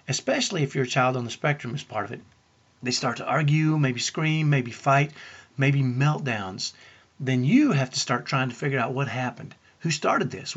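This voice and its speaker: A man with a husky, mid-pitched voice speaks as a parenting coach. He tells family stories to parents and keeps stopping to ask them rhetorical questions. The audio is a little dull and lo-fi. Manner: earnest, uses rhetorical questions to the listener. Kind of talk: storytelling talk to parents.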